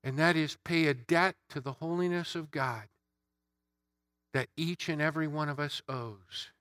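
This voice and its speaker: A man's voice: on the high side, measured pace, a bit bright, clean tone, no echo, studio quality. A man preaching an Easter sermon, emphatic, building through repeated phrases.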